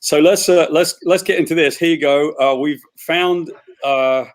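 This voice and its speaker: A man's voice: a little high, measured pace. A man with a British accent hosting a casual video chat, chatty and jokey with loose asides. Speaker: host.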